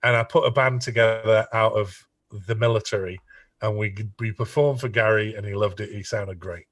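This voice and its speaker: A middle-aged songwriter telling an animated story, often stumbling over and repeating his words. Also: on the low side, moderate pace, far from the mic. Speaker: songwriter guest.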